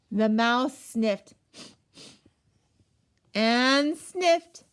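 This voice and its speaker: Woman reading a picture book aloud to children, high lively voice, unhurried, questions and gasps. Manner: animated, asking questions, gasping. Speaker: storyteller.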